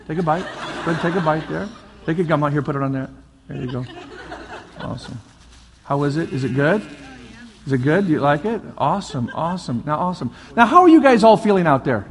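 A man preaching as a pastor, energetic and coaxing, often repeating his calls to the crowd. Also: on the high side, fairly quick, pauses often. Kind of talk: lively sermon demonstration. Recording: long hall reverb, faint crowd.

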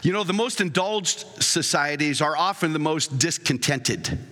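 A man's voice: a little high, animated, normal speed, sharp tone. An older man, a grandfather, preaching a sermon in a loose, conversational way, with stop-start phrasing and chuckles. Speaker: pastor. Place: church sanctuary. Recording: echoey hall reverb.

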